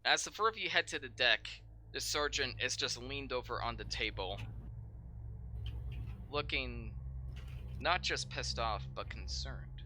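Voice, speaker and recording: A man narrating as game master in a relaxed, joking way, with some casual swearing. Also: mid-range voice, slow pace, long pauses, slight background noise. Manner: laid-back, laughing, casual swearing.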